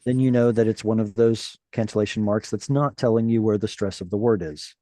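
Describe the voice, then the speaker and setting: A patient man leads an online reading class, praising his students and explaining each point step by step. His voice is mellow and dry, close to the mic, heard over a video call. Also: lowish voice, brisk, no echo. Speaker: Hebrew teacher.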